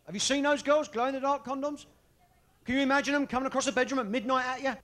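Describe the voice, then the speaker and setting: A man's voice: extremely high pitch, fairly even intonation, fast, fairly bright tone. A man doing a cheeky, bawdy stand-up routine, bantering with a live audience. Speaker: stand-up comedian. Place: live comedy venue with audience.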